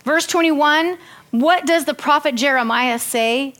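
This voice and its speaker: A woman with a high, bright voice delivers a sermon, reading scripture with earnest feeling. She drops into chatty, joking asides to her listeners between passages. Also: measured pace. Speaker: preacher.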